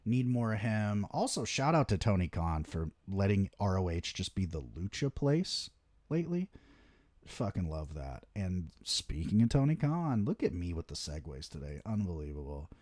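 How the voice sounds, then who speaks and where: A young man hosting his own wrestling talk show, talking in a low voice that swings up and down as he gets fired up. He swears constantly and rants with eager enthusiasm. The sound is close and dry, with no room around it. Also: moderate pace, dry recording. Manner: excitable, heavy swearing, animated rants. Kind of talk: casual solo commentary.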